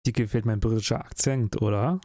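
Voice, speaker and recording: A man's voice: lowish voice, fairly even intonation, a little fast, warm tone. A man commenting casually on a video game as a let's-play host, sarcastic and joking.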